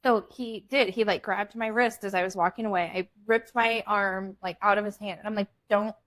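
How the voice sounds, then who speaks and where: Blunt, animated woman telling a story. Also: medium pitch, a little fast. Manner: animated, blunt, swears freely. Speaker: podcast co-host. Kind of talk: casual storytelling chat.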